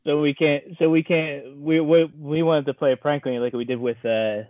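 Animated man on a tinny call line. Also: fairly high pitch, normal speed, dry recording. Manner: animated storyteller, acts out voices. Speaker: podcast co-host. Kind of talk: casual chat. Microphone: online voice call. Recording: tinny phone-like call audio.

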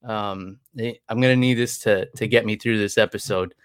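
A man's voice: fairly low pitch, fairly even intonation, normal speed, clean tone, no echo, studio quality. A tired man chatting loosely as a podcast co-host, rambling with many restarts. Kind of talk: casual chat.

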